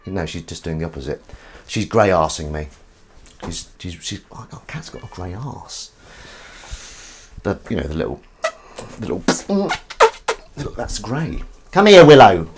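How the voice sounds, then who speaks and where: A man's voice: low voice, expressive, unhurried, long pauses, noisy background. A man hosting a casual live stream from his kitchen sink, rambling and chatting with his viewers. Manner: rambling, chatty, reads out and answers chat. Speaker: livestream host.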